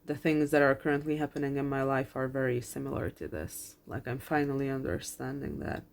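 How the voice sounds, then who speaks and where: Low-pitched woman reading tarot cards for viewers; earnest and reassuring, repeats lines, swears casually, close to tears. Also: brisk, gravelly. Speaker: tarot card reader. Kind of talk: pick-a-card reading, spoken to viewers.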